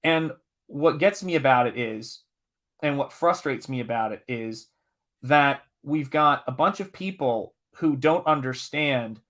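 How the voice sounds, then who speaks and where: A man from Tennessee hosting a live stream, chatting casually and telling an animated, emphatic story with occasional swearing. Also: mid-range voice, measured pace. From Southern United States, Tennessee. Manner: animated, emphatic storyteller who reads out chat comments and swears when worked up. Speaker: live-stream host and comic artist.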